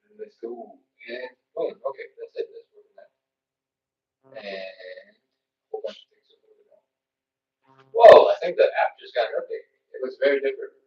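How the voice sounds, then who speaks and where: A man's voice: mid-range voice, lively intonation, moderate pace, long pauses. A man leads a live stretching class, talking casually and calling out each rep. His voice comes from a distance in an echoey room. The sound is muffled and lo-fi. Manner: chatty, self-mocking, counts reps aloud. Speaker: stretching instructor. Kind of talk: live follow-along workout coaching. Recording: roomy, distant, dull lo-fi.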